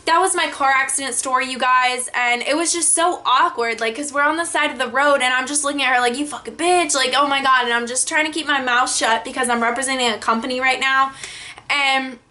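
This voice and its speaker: Bright, high-voiced young woman vlogging. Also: brisk. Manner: animated, frequent swearing, many filler likes. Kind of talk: storytime vlog.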